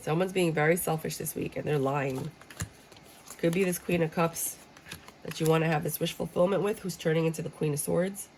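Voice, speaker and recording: A woman gives a casual tarot reading in a low, gravelly voice. She talks bluntly and jokes as she acts out how people react. A faint hiss sits under the recording. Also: fairly even intonation, a little fast, a little mellow, poor audio. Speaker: tarot reader. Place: room with a squeaky chair.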